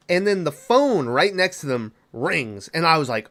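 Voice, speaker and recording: A young man hosting a podcast, retelling a horror film's plot in a loose, profane way with quick quoted asides. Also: fairly high pitch, expressive, fairly bright tone. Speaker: podcast host. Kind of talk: casual movie recap.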